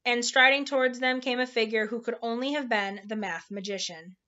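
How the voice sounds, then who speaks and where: Woman reading a storybook aloud, higher voice. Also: fairly quick, sharp tone, dull audio. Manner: informal, stumbles over hard words and laughs at slips. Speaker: storybook reader. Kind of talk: reading a children's novel aloud.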